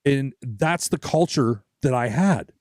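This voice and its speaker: A man's voice: medium pitch, lively intonation, takes it slowly, a little mellow, dry recording, clean studio sound. A man co-hosting a casual podcast, telling a story with plenty of swearing and quoted voices. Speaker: podcast co-host. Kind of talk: casual chat.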